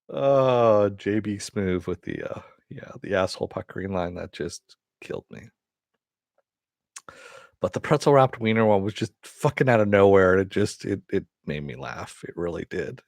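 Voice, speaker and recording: Laid-back low-voiced man reviewing a cartoon. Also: a little mellow, dry recording, clean studio sound. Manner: rambling, lots of fillers and frequent laughs; profane and enthusiastic. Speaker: host reviewing an animated series. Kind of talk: casual spoken review.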